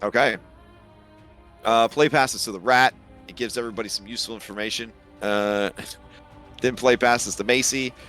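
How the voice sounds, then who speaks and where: A man's voice: medium pitch, fairly even intonation, normal speed, pauses often, fairly bright tone, soft background music. A young man acting as game master, narrating and ruling with frequent fillers and chuckles. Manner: hesitant, filler-heavy, chuckling. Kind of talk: running a tabletop game.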